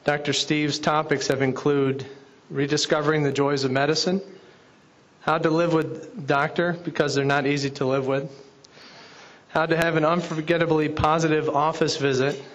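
A man reads a formal introduction for the next speaker. His voice sits a little high. The recording sounds dull and muffled. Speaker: session introducer.

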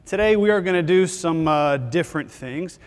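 A man's voice: fairly high pitch, moderate pace, clean tone. A man from Texas, giving a joking, conversational conference lecture as a physician assistant. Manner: joking, conversational, lively delivery. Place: large conference hall. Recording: hall reverb.

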